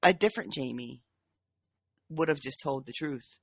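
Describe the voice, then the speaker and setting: A woman's voice: extremely low pitch, normal speed, creaky, breathy edge, no echo, clean studio sound. A woman co-hosting a podcast, chatting casually about a book, laughing often and swearing freely. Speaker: podcast co-host.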